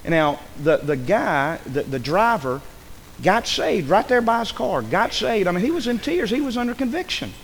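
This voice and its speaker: A man preaching a sermon as pastor, telling a story with fervour, dropping to a hush and then rising to a shout. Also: high-pitched, sing-song, moderate pace, slight background noise. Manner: fervent storytelling, swings between hushed and shouted. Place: church sanctuary. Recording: echoey hall with faint ambience.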